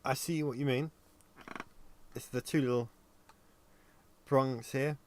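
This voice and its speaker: A weary man talks through his animation work on a livestream, his medium-pitched voice easygoing and unhurried. He thinks out loud, pausing and filling gaps with ums as he goes, and sounds worn out. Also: fairly even intonation, a little hiss or hum. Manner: thinks aloud, halting with ums while working. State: tired and yawning. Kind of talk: casual livestream commentary.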